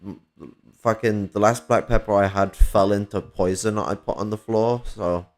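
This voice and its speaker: A man's voice: lowish voice, steady tone, moderate pace. A man from England, chatting casually and rambling with lots of restarts. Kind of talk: casual chat.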